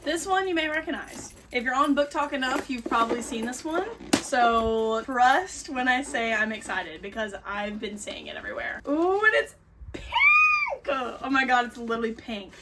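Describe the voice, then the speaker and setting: A young woman, chatting on a home book vlog in a gushing, excitable way, gasping and squealing. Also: on the high side, moderate pace, hardly any pauses, recorded from a distance, noisy background. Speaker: book vlogger. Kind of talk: casual vlog chat.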